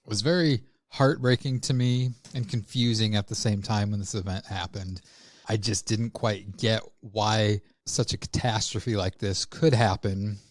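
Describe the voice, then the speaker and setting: Low-voiced man joking on a podcast. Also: no echo. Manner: joking, profane banter. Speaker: podcast co-host. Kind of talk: casual chat.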